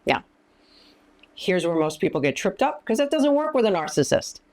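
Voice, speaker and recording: A woman's voice: medium pitch, very animated, moderate pace, a little mellow. A woman counselor and minister teaching in an interview, speaking emphatically and giving practical advice. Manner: emphatic, often acting out quoted lines.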